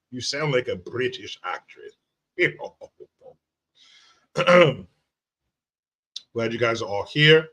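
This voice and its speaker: A man hosting a casual livestream, reading out viewer comments and greeting people by name in an animated, profane way. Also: fairly high pitch, takes it slowly, long pauses. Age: adult father of young children. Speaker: livestream host.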